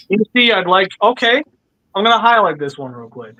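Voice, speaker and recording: A male podcast host chatting casually and animatedly on a livestream. His voice sits high and sounds bright and forward. He jokes and calls his guests by nicknames. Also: very animated, brisk, poor audio.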